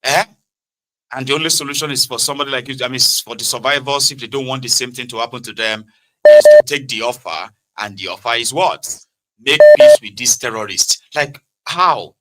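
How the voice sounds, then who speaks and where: A male host talks in a conversational, mid-pitched voice, pressing his points with emphatic rhetorical questions. He sounds engaged and direct with his guests and callers. His voice stays in an ordinary middle register. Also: fairly quick, a bit bright, rough recording. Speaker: talk show host. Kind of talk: conversational commentary.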